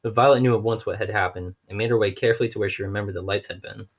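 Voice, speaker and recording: A man reading a children's novel aloud in a steady, wry way, with occasional restarts. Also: fairly low pitch, very fast. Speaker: audiobook reader.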